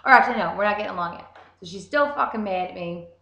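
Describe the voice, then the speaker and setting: A young woman telling a story in a casual, animated way, swearing constantly. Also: medium pitch, quick pace, gravelly. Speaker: vlogger. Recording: roomy echo.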